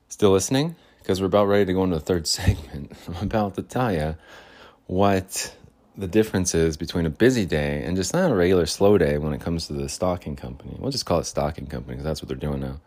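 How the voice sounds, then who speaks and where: A solo podcast host meanders through a rambling monologue, chuckling and tossing in self-mocking asides. He has a low, darkish voice and talks a little fast.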